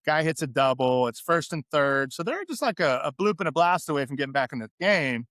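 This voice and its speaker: A middle-aged man from California, a podcast guest and former pro athlete, telling candid stories in an animated, chatty way. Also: fairly high pitch, a little fast, dry recording, studio quality. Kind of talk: interview storytelling.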